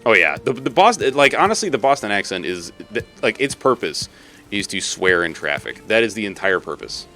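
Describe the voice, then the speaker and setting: A man's voice: lowish voice, sing-song, brisk, bright, forceful tone, faint music behind. A man from Massachusetts chatting casually on a live stream while gaming, rambling, laughing and swearing freely.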